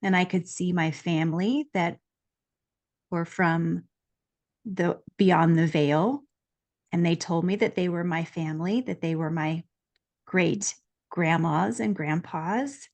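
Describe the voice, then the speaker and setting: A woman's voice: fairly low pitch, slow pace. Earnest woman telling a personal story. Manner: earnest, lively, acts out quoted voices. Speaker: guest.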